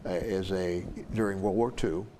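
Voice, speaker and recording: An older man hosts an interview program in a low, deep voice. He talks with many fillers and short agreeing interjections. A faint hum of noise sits in the background. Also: fairly even intonation, moderate pace, dark tone. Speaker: talk show host. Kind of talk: interview talk show.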